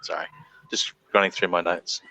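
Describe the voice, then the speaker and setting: A man's voice: deep voice, flat delivery, moderate pace, gravelly, bright, forceful tone, low-quality recording. An Australian man hosting a live stream, chatting casually, reading out viewer names and swearing freely. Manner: rambling, reads chat names aloud, swears freely.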